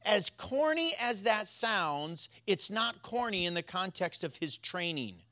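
A man's voice: high-pitched, sing-song, measured pace, sharp tone, no echo. A man preaching a sermon, telling stories in a plain, conversational way. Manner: conversational storytelling, plain folksy talk.

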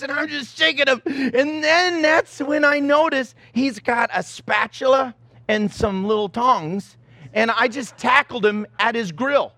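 A middle-aged man preaching a sermon, telling a story in an animated, self-mocking way and acting out the scenes. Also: very high voice, normal speed, vocal fry, no echo. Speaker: pastor.

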